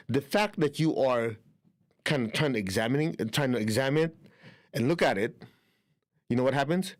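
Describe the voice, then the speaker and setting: A man's voice: mid-range voice, normal speed, long pauses. Man teaching spiritual healing conversationally. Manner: conversational, often checks in with listeners; acts out inner dialogue in quoted asides. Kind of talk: instructional talk on spiritual healing.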